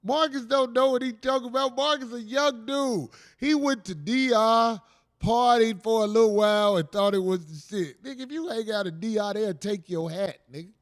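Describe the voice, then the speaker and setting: High-voiced man joking profanely on a podcast. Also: moderate pace, no room sound, clean studio sound. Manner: loose, profane, teasing storytelling with heavy slang. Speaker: comedian podcast host. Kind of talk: casual comedic banter.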